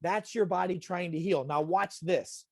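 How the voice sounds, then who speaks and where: A man's voice: sits high, a little slow, creaky, no room sound, studio quality. A middle-aged man giving a wellness talk over a video call, emphatic and repetitive, often checking in with "okay?". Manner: emphatic, repetitive, direct address with frequent "okay?". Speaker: wellness presenter. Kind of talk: live online health talk.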